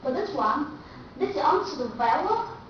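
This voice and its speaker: A woman teaching English pronunciation, speaking slowly and deliberately and repeating each example word. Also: high voice, big pitch swings, a little hiss or hum. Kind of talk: classroom pronunciation lesson. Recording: echoey, dull recording from far off.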